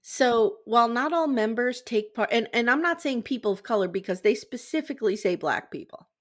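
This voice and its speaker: A woman's voice: on the high side, lively intonation, brisk. A woman co-hosting a casual podcast, reading research notes aloud and stumbling over words now and then. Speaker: podcast co-host.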